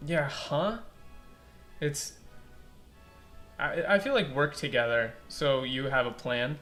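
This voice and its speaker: Male let's play commentator, blunt and animated, bright edge, faint game music under him. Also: medium pitch, takes it slowly. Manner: animated, blunt, casual swearing, many "like" fillers. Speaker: game localization critic.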